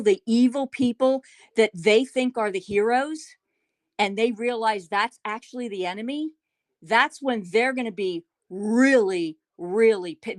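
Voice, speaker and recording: A woman's voice: a little high, no echo. Emphatic woman with a dry, close sound. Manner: emphatic, repeats words for stress. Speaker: panelist. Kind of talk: casual panel chat.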